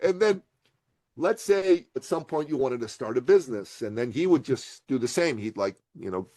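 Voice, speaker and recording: A middle-aged man from Iran tells stories with lively swings of pitch, putting on the voices of the people in them and laughing along the way. His voice sits at a middle pitch and is recorded close and dry, with no room sound. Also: moderate pace, dry recording. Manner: lively storyteller, acts out voices of others, laughs often. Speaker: podcast guest, entrepreneur. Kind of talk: animated storytelling interview.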